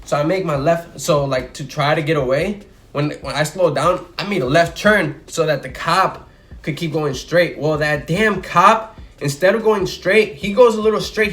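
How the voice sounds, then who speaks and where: Man, young adult, from Chicago, casual vlog storytelling, filler-heavy, slightly high voice. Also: a bit bright. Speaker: vlogger telling a story.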